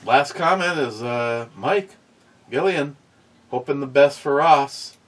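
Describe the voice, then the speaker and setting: A man's voice: mid-range voice, slow. A man hosting a beer review show, chatting casually, rambling and swearing as he tells stories. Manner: rambling, profane, animated storytelling. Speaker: beer review podcast host. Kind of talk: casual chat.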